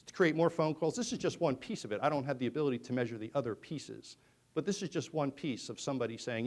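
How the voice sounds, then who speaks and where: A middle-aged man speaking at a conference, talking conversationally to the audience and swinging between loud emphasis and hushed asides. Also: mid-range voice, animated, fast. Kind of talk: presentation to an audience.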